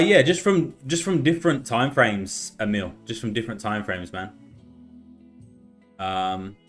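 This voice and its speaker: A young man hosting a live trading stream, chatting casually and walking through charts, with a sore throat that makes him slur a bit. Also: medium pitch. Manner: loose and chatty, says "right?" and "man" a lot, slurs a bit. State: sore throat, sucking a lozenge. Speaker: livestream trading host.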